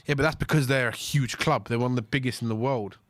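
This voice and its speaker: A man's voice: mid-range voice, fairly even intonation, quick pace, fairly bright tone, no echo, clean studio sound. A man co-hosting a football fan watch-along, skeptical and argumentative in casual chat.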